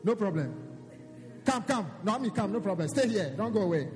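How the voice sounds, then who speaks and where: High-pitched lively preacher in a hall. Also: male voice, normal speed, soft background music. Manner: preaching with scripture reading and call-and-response emphasis. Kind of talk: sermon.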